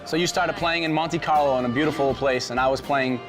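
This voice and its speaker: A man's voice: a little high, steady tone, a little fast, music in the background. A man telling his story in an interview segment. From Boston area, USA. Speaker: poker player.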